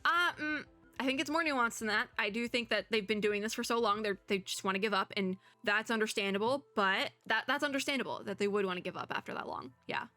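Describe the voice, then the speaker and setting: A woman's voice: fairly high pitch, a little fast, sharp tone, no echo. A woman streaming a game, chatting casually with lots of fillers and giggles. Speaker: VTuber streamer. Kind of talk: casual gameplay commentary.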